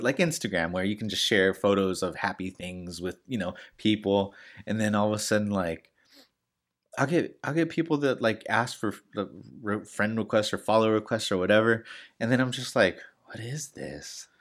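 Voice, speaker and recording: A man's voice: fairly low pitch, fairly quick. A man in casual podcast chat, telling rambling stories full of "like" and restarts, with the odd swear.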